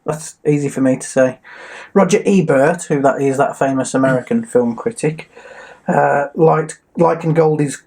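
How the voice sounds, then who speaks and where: A man co-hosts an easygoing entertainment chat. He reads film trivia with plenty of ums and small slips, in a slightly higher voice. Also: normal speed, creaky, a little mellow, husky. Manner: chatty, reads facts with filler ums. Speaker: co-host. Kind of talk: casual chat.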